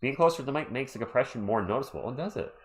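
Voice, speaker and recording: A man's voice: mid-range voice, very fast. A man hosting a casual livestream, calling a basketball game play by play and reading chat aloud into a desktop microphone at home. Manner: chatty, excitable, reads chat aloud. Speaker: livestream host. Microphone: USB desktop microphone.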